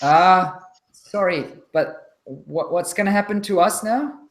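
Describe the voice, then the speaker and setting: A man's voice: high-pitched, slow pace, roomy sound, voice pushed up, rough recording. A man voicing a nervous, stammering male mercenary in a tabletop game. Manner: stammering, jittery.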